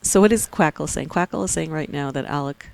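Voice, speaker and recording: A woman with a Canadian accent giving chatty, excitable live commentary on a board game tournament. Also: low voice, fairly quick, gravelly, poor audio. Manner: chatty, excitable, laughs easily.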